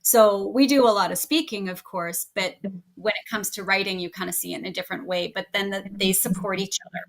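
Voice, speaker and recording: Lively woman teacher telling classroom stories. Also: medium pitch, a little fast, vocal fry. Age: middle-aged. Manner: lively storyteller who acts out her students. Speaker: guest, English language teacher. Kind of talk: podcast interview conversation.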